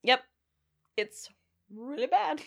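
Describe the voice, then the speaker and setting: A young woman in casual chat as a podcast co-host, telling an animated story, swearing casually and laughing often. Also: high-pitched, slow pace, gravelly.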